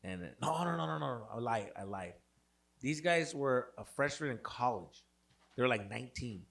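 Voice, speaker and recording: Young male podcast host, gravelly, profane, animated storyteller. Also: mid-range voice, moderate pace. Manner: profane, animated, laughs a lot. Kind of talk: casual storytelling.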